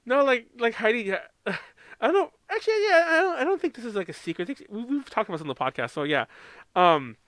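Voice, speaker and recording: A man's voice: very high-pitched, big pitch swings, fast, fairly bright tone, no room sound. An American man co-hosting a podcast in casual chat, rambling, laughing often and swearing freely. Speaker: podcast co-host.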